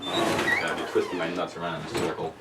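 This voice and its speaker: A man playing a crude, exasperated male police officer who bursts into loud outbursts. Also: low-pitched, completely flat delivery, a little fast, distant mic, heavy background noise, natural voice. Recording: roomy sound, away from the mic.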